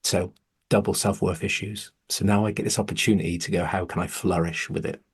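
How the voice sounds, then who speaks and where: Fast-talking earnest man. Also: deep voice, fairly even intonation, husky. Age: 40s. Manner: fast, earnest, swears when heated. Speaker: podcast host. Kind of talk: candid casual conversation.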